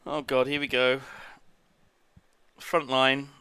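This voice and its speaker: A man streaming a game live, excitably reacting and exclaiming as he plays. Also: fairly high pitch, slow pace. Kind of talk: live gameplay commentary.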